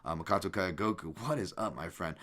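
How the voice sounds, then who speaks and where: A young adult man hosting a podcast, chatting casually and reading comments, relaxed and rambling with many fillers and restarts. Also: low-pitched, brisk. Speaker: podcast host.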